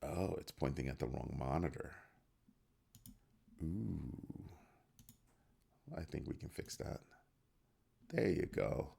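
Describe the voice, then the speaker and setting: Very deep gravelly man. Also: expressive, takes it slowly, long pauses, warm tone. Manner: fires rhetorical questions, restarts phrases. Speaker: crypto news show host. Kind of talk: casual solo commentary. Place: home studio at a computer.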